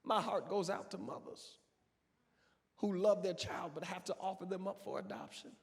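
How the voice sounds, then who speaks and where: A male pastor preaching a sermon dramatically, swinging from hushed tones to shouts. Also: sits high, steady tone, moderate pace, creaky. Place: church sanctuary. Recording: long church reverb.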